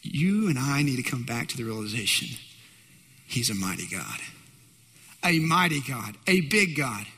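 A man's voice: medium pitch, very animated, moderate pace, pauses often, sharp tone, breathy edge. A man preaching a sermon, telling stories dramatically and acting out the quoted lines. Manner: dramatic storytelling with acted-out quotes. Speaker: pastor. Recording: long hall reverb.

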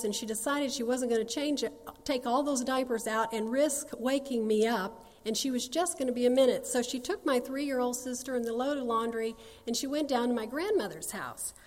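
A woman's voice: on the high side, a little fast, a little mellow, in a large hall. A woman, sharing her personal testimony in a folksy, earnest storytelling manner. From North Carolina, USA. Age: 60s.

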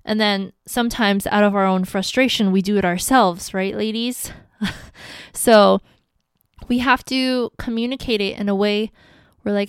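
Young woman podcast host, slow earnest advice, super clear voice. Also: medium pitch, steady tone, dry recording, studio quality. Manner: earnest, gentle, encouraging. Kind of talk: casual advice talk.

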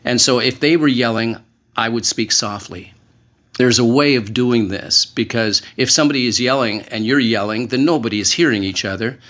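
A former hostage negotiator speaks as a panel guest. He talks in an earnest, measured way, with a middle-pitched voice. He slows right down to lean on the words that matter. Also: fairly bright tone. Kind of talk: panel discussion.

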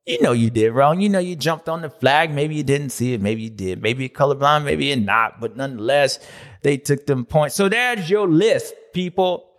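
A man hosting a racing recap show in a jokey, slangy, excitable way. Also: fairly high pitch, normal speed. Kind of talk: comedic recap commentary.

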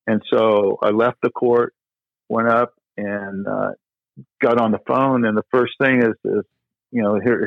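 Over a dry, tinny, phone-like line with no echo, a middle-aged tennis pro speaks in a low, gravelly voice. As a podcast guest in a casual interview, he tells rambling stories full of "you know" and false starts.

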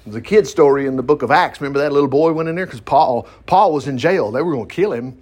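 A man's voice: on the high side, a little fast, darkish tone. Folksy man preaching a casual Bible study. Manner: folksy, conversational, reads scripture aloud and riffs with asides and chuckles. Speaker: pastor. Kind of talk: informal Bible study sermon.

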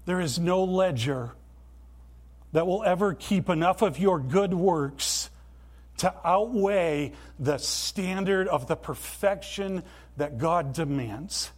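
A man preaching a sermon in a church, earnest and emphatic, with deliberate pauses. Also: high-pitched, expressive. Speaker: pastor.

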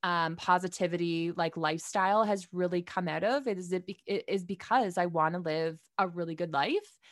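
A woman's voice: on the low side, normal speed, no echo. Bubbly woman podcast host, casual chat, upbeat, curious, dry close mic. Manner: bubbly, upbeat, asks lots of questions.

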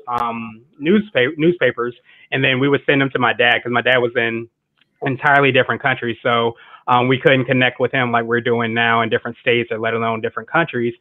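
A man's voice: mid-range voice, no echo. A man, a guest entrepreneur, talking casually in an interview with lots of fillers. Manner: relaxed, frequent fillers like "like" and "um". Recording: tinny remote call audio.

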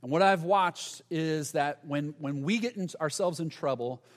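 A man preaching a sermon, telling a story in a lively way and acting out the quoted lines. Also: fairly high pitch, unhurried. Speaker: pastor. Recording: long reverb of a large hall.

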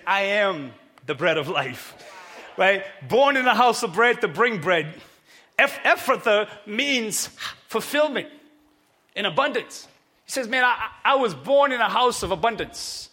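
Preacher man, high bright voice, fiery sermon delivery, faint church crowd behind. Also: background noise. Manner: energetic preaching, rising to shouts. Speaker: pastor. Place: church hall with congregation.

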